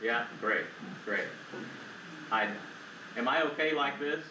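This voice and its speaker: A man, a chaplain, gently guiding a group through a breathing exercise, calm and lightly joking. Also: medium pitch, slow. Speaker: chaplain and guest speaker. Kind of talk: guided breathing exercise and talk. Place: church hall, without a mic. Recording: echoey hall with noise.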